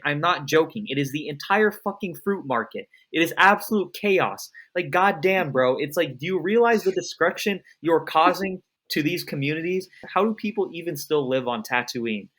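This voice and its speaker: A man's voice: a little high, a bit bright. A man co-hosting a TV recap podcast in casual chat, ranting animatedly and swearing a lot. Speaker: podcast co-host.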